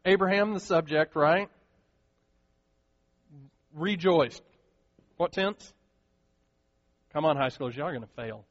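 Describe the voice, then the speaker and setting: A pastor preaching a sermon, animated and acting out the voices of the people he quotes. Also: fairly high pitch, slow, long pauses. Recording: dull, long hall reverb.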